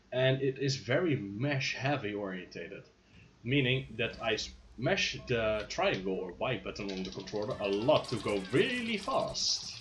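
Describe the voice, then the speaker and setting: A man's voice: mid-range voice, a bit bright, slight background noise. A man commentating his own speedrun live, playful and hyped, with jokey asides.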